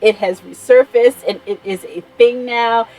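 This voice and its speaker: A woman's voice: on the high side, unhurried, a little mellow, low-quality recording. A woman in her thirties rambling in a casual vlog chat, enthusiastic and swearing freely. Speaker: vlogger.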